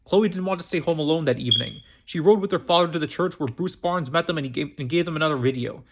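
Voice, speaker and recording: A man reading a novel aloud on his own storytime channel, pitched a little high. He stumbles often, restarts words and repeats phrases as he goes. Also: quick pace, noisy background. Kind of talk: amateur book reading.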